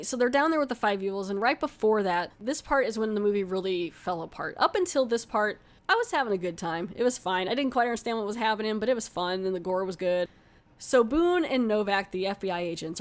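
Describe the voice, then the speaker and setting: A woman hosting a podcast, giving a casual, rambling film recap full of filler words and wry, sarcastic asides. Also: mid-range voice. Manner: rambling, chatty, lots of "like" fillers. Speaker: podcast host reviewing a film. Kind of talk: casual spoiler-heavy movie recap.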